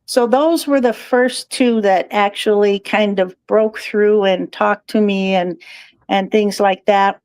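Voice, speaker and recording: A woman's voice: mid-range voice, fairly even intonation, slow, a little mellow, smooth, dry recording. Chatty woman guest, dry sound. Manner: chatty, digressive, laughs often. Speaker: guest, crystal shop owner. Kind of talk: casual interview chat.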